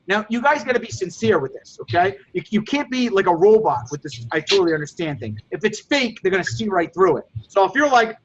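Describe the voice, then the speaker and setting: A man's voice: sits high, lively intonation, quick pace, muffled recording, slight background noise. A man hosting a casual group chat, coaching listeners in an emphatic, repetitive way and acting out sales dialogues. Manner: emphatic, repeats himself, acts out buyer dialogues. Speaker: host coaching phone resellers.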